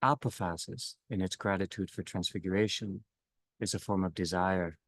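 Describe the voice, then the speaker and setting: Deep-voiced man giving a slow theological talk. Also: steady tone, dry recording. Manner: slow, halting, trailing off softly at phrase ends. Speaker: discussion leader.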